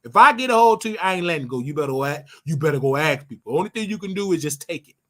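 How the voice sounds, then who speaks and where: A man's voice: a little high, animated, rapid-fire, sharp tone. An older man hosting his own show, giving a brash, scolding commentary monologue and drawing out words for emphasis. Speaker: show host.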